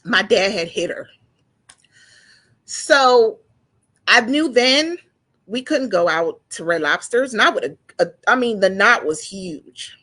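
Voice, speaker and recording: Woman in her forties, halting and emotional. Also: mid-range voice, animated, pushed and bright. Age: 40s. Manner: halting, with many restarts and repeated words. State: emotional, close to tears. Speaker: guest sharing her story. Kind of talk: emotional personal testimony.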